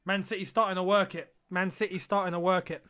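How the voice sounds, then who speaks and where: Man, high voice, live match reaction, repeats himself, exclaims and groans. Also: flat delivery, quick pace, bright, forceful tone, smooth. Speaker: football watch-along streamer.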